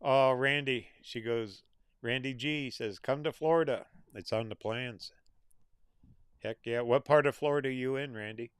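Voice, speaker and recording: A man's voice: mid-range voice, moderate pace, clear, resonant tone, no echo, studio quality. A middle-aged American man hosting a casual livestream, reading out viewer names and comments in an easygoing, folksy way. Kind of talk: casual live chat.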